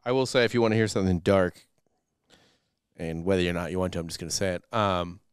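A man's voice: low-pitched, fast, smooth, dry recording, studio quality. A man co-hosting a comedic history podcast, chatting casually and rambling through jokes and silly voices. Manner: jokey, rambling, breaks into silly character voices. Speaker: podcast co-host.

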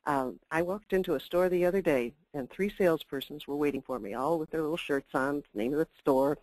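A woman's voice: deep voice, brisk, darkish tone, no room sound, rough recording. An older woman giving a chatty, emphatic customer service webinar talk with asides. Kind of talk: webinar presentation.

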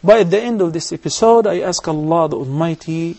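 A man teaching recitation rules on a TV lesson, explaining step by step and chanting verses slowly. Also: on the high side, warm tone. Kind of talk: televised recitation lesson with live callers.

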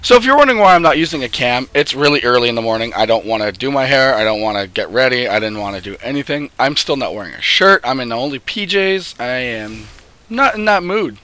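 Animated young man streaming a game. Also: mid-range voice, brisk. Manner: excitable, swearing, laughing, talking to teammates on screen. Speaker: gamer streaming gameplay. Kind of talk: casual gameplay commentary. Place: home, early morning, no camera.

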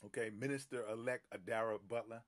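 A middle-aged male pastor talking casually into his phone on a live stream. He greets people one by one, fills pauses with "um" and "uh", and laughs easily. His voice sits at an ordinary middle pitch. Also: fairly even intonation. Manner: chatty, greets viewers by name, many fillers and laughs. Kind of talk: casual live-stream chat before a Bible teaching.

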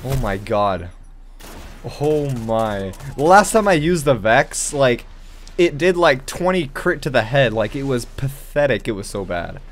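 A young man giving casual gameplay commentary, excitable and swearing, with sudden loud outbursts. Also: medium pitch, a little slow, slight background noise. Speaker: gaming channel host.

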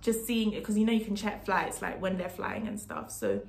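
A woman's voice: mid-range voice, big pitch swings, normal speed, vocal fry. A woman from Jamaica telling a casual storytime vlog story, emphatic, repeating herself and laughing between lines. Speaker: vlogger.

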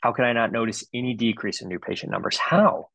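A man's voice: fairly low pitch, fairly even intonation, very fast, creaky, fairly bright tone, no echo, poor audio. A man in his forties, a dentist, giving a comedic webinar talk with playful, exaggerated storytelling. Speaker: dentist presenter.

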